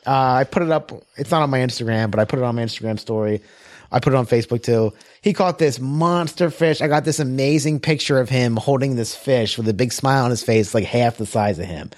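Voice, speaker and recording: A man in his thirties telling stories in a casual podcast chat, animated and swearing freely. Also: mid-range voice, fairly quick. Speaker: podcast co-host.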